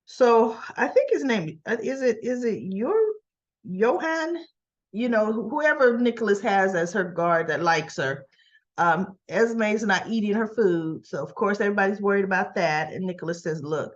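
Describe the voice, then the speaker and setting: A woman casually recapping a soap opera episode, acting out the characters' lines in quick quoted bits and laughing often. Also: medium pitch, lo-fi sound.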